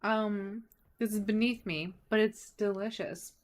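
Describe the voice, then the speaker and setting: A woman's voice: mid-range voice, steady tone, a little slow. A woman streaming a game, chatting casually and asking herself rhetorical questions. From United States. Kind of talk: casual livestream chat while gaming.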